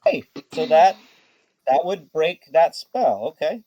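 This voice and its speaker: A man's voice: on the high side, big pitch swings, slow pace, warm tone, no room sound, muffled recording. A man running a tabletop game as game master, talking hesitantly with many restarts.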